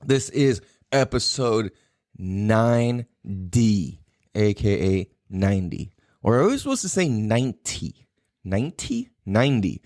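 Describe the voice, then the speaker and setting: A man's voice: fairly low pitch, very animated, takes it slowly, darkish tone, dry recording, studio quality. A man hosting a podcast with a Southern Californian accent, talking loosely and profanely, laughing often in a casual solo monologue. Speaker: podcast host.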